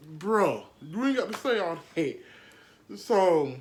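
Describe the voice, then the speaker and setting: A woman's voice: lowish voice, sing-song, slow pace, a little mellow, a little hiss or hum. Sassy gossip-podcast woman. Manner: sassy, slangy, laughs often. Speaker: podcast host. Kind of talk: casual celebrity gossip chat.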